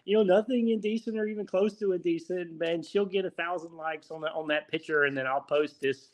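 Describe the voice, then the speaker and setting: A man in his forties with a Louisiana accent, a guest talking casually in an interview, laid-back and quick to chuckle at himself. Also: on the high side.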